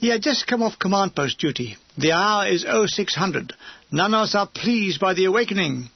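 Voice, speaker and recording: High-voiced man reading a comic memoir. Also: expressive, normal speed, gravelly, no room sound, muffled recording. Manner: dry, comic storytelling. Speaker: audiobook narrator. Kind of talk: audiobook narration of a war memoir.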